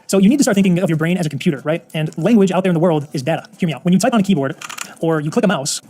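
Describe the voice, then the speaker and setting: A man, a former English teacher, narrating a scripted language-learning tutorial in a brisk, upbeat way. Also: fairly high pitch, darkish tone. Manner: brisk, upbeat explanatory delivery. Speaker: language-learning video host.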